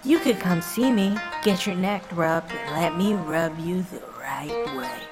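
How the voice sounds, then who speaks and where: A woman's voice: lowish voice, animated, unhurried. A woman voicing a lonely, flirty masseuse in a spoof radio ad, languid and suggestive. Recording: music playing behind.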